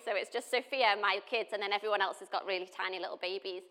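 A woman's voice: mid-range voice, fairly even intonation, quick pace, hardly any pauses, bright, forceful tone. A woman, preaching in a chatty, storytelling way with frequent laughter. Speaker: pastor. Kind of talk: casual sermon.

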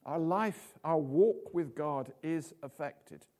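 A man delivers an informal sermon, chatting and joking with his listeners. He leans on tag questions and asides. His voice sits fairly high for a man. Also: slow pace, a little mellow. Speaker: preacher.

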